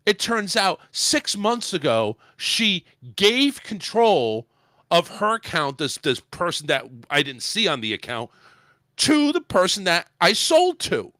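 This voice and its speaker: Guy host going off on his job, lots of cussing, kinda high voice. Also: wildly swooping pitch, a little slow, bright, forceful tone, no echo, studio quality. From United States. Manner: angry, profane ranting. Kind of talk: casual talk show rant.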